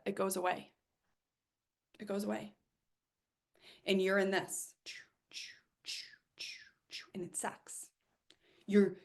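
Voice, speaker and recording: A woman coach giving an emphatic, animated motivational talk, with casual swearing and acted-out asides. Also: mid-range voice.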